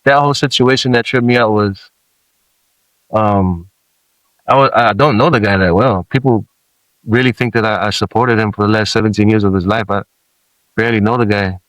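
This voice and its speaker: A man's voice: on the low side, steady tone, moderate pace, pauses often, fairly bright tone, dry recording, rough recording. A man from Samoa, a podcast guest, speaking candidly and reflectively, often restarting his sentences. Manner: reflective, earnest, with frequent restarts.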